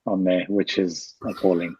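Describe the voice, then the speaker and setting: A man's voice: low voice, little pitch movement, normal speed, dark tone, husky, no echo. A British man co-hosting a casual chat show, cracking dry, teasing jokes. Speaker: co-host. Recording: dry, dull lo-fi mic.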